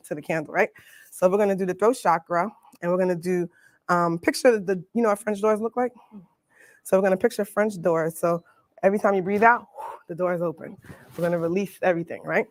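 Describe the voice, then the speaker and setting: A woman teaching a live workshop, chatty and relaxed, slipping into casual slang as she guides the group. Her voice sits at a middle pitch. The sound is dry and close, with little room echo. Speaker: Reiki coach leading a workshop.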